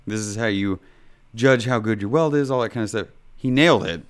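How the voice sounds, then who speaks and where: A man from Kansas talks on a casual podcast. His voice sits a little low and sounds smooth and resonant. He rambles cheerfully through his stories. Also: a little fast. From Kansas, USA. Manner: rambling, upbeat storytelling. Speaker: podcast co-host.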